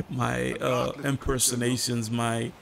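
Excitable man commenting on a game. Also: mid-range voice, extremely slow, creaky, slight background noise. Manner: excitable, laughing, talks to himself. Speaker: gaming channel host. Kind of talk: casual gameplay commentary. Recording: voice over loud game music.

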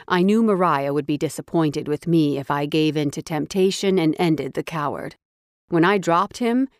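A woman's voice: deep voice, no echo, clean studio sound. A woman narrating a first-person romance audiobook in an intense, dramatic read.

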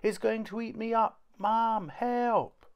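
A man doing a high, shrieking little boy. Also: fairly even intonation, slow, clear, resonant tone, muffled recording. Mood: fake alarm. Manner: high, loud, shouty child voice. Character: small boy, mischievous, dramatic, easily scared.

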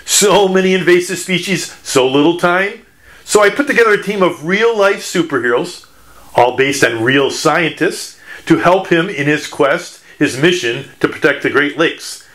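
A man's voice: a little high, expressive, normal speed, fairly bright tone. A man from Michigan, a children's author, giving an educational talk for children in a teacherly, playful way with puns.

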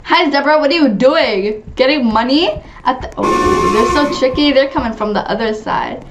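A young woman giving giggly, chatty, excitable commentary while playing a game, often breaking into squealed greetings. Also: sits high, moderate pace, highs cut off, over music. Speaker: gaming channel host. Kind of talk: casual gameplay commentary.

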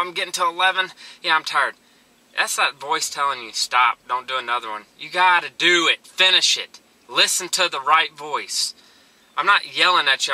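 A man's voice: on the high side, sharp tone, rough recording. A young man, vlogging an earnest, repetitive motivational talk to his viewers while out and about. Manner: earnest, preachy, repeats himself. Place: driving around town and at the gym.

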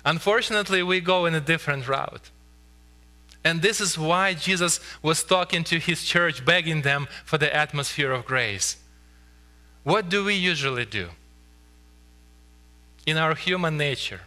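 Man, pastor, sermon in church; earnest, pleading, slows for emphasis; very bright tone. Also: fairly high pitch, animated. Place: church sanctuary.

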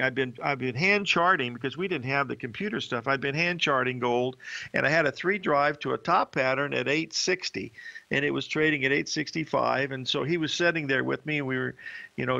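A man's voice: medium pitch, gravelly, bright, forceful tone, lo-fi sound. An older man hosting a market show, talking in a rambling, folksy way with many fillers. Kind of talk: casual market commentary and storytelling.

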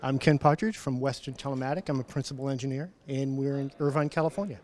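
A middle-aged man, a principal engineer at a conference, telling an animated story and acting out the dialogue. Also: medium pitch, fast. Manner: animated anecdote-telling, acts out quoted dialogue. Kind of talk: storytelling in an event interview. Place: conference floor.

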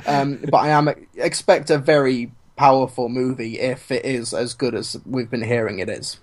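A man's voice: medium pitch, fairly even intonation, normal speed. Hesitant man, dry-humored podcast co-host. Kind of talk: casual chat.

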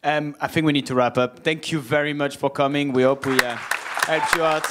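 A man moderating a conference panel, relaxed and chatty with filler ums. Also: a little high, normal speed, over a noisy crowd, very noisy. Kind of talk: casual panel talk.

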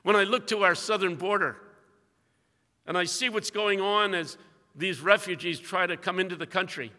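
An older man preaching a sermon in a university chapel, telling stories with big swings between loud, emphatic lines and quiet, hushed ones. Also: moderate pace. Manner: storytelling, dramatic swings in volume and pitch. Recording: long hall reverb.

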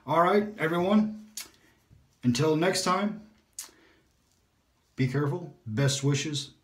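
A man hosting a shaving video, chatting in a relaxed, rambling way and talking to himself as he shaves. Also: a little high, takes it slowly. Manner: relaxed, rambling, self-talk while shaving. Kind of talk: casual shaving vlog chat. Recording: echoey room.

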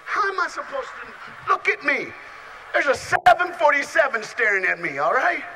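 A man preaching a lively youth sermon to a large live audience, playful and direct, calling on people in the crowd and swinging from soft asides to shouts. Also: very high-pitched, moderate pace, noisy background.

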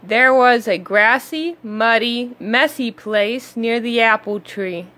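A woman reading a children's picture book aloud, slow, gentle and expressive. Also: a little high. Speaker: storybook reader. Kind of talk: children's read-aloud narration.

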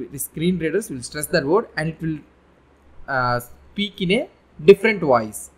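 A web development instructor leads a screen-share coding tutorial, explaining informally and meandering, often restarting and repeating himself. His voice is a little high with a fairly bright tone.

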